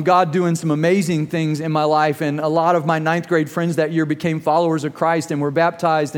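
A middle-aged man preaching a sermon, telling a story and slowing down for emphasis. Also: a little high, long reverb tail. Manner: storytelling with acted quotes, slows for emphasis. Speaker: pastor.

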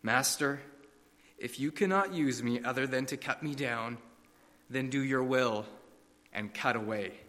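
A man voicing a humble, devoted male bamboo plant in a told fable, pleading in a high, trembling voice. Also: a little slow, long pauses, bright, forceful tone, long reverb tail. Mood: whispering.

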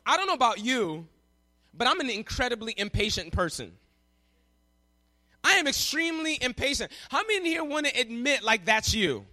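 A young man preaching a sermon, telling a story in an animated way and acting out the people in it. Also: extremely high pitch, moderate pace. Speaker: pastor.

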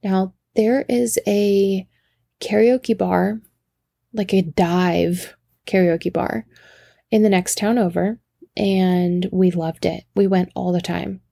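A woman tells a casual story in a gravelly, mellow voice, animated and quick to laugh. She swears freely as she addresses her listeners. The sound is close and dry. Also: medium pitch, dry recording.

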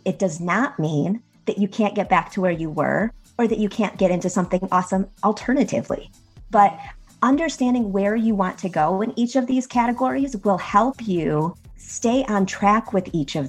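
A woman guest on a podcast giving career advice in a steady, earnest manner. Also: mid-range voice.

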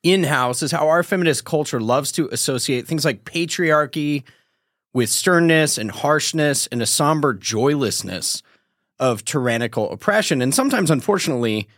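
A man's voice: mid-range voice, a bit bright, dry recording, studio quality. A man hosting a podcast, earnestly addressing his listeners directly as he introduces the episode. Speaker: podcast host.

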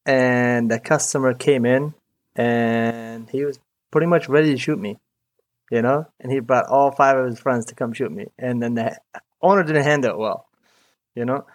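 A man's voice: mid-range voice, normal speed. A young man from Iraq, a mechanic guest chatting casually in an interview, rambling and peppering his talk with "dude" and "you know".

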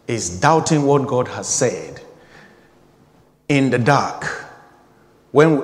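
A man's voice: mid-range voice, big-room sound. A man in his forties preaching a sermon, emphatic and repetitive, building in intensity. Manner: emphatic, repeating phrases, rising intensity.

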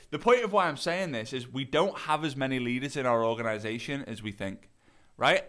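A man's voice: mid-range voice, fairly bright tone. A man hosting a podcast, coaching on network marketing in a loose, conversational monologue full of fillers and restarts.

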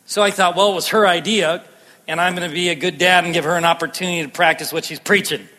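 A man preaching a sermon, out of breath and animated, swinging from loud bursts to hushed lines. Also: high-pitched, quick pace. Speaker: pastor. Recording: long hall reverb.

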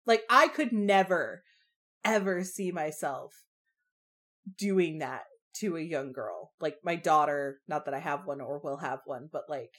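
A young woman co-hosting a casual book discussion podcast, speaking reflectively and candidly with drawn-out phrasing. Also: low-pitched, fairly bright tone.

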